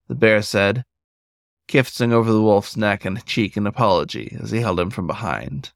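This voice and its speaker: A man reading a story aloud for a podcast in a steady, measured way. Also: on the low side, vocal fry, no room sound, clean studio sound. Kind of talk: scripted narration.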